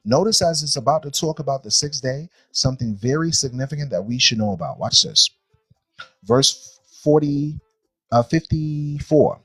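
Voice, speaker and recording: A man teaching a Bible study class. He reads scripture slowly and deliberately, repeats phrases and checks that listeners are following. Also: mid-range voice, expressive, fairly bright tone, breathy edge, no echo, faint music behind, rough recording.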